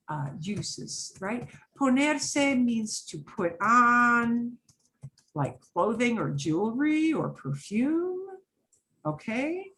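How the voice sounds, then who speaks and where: Animated woman teaching Spanish, slow-paced. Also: medium pitch. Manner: animated, acts out example phrases in Spanish. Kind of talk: online class lesson.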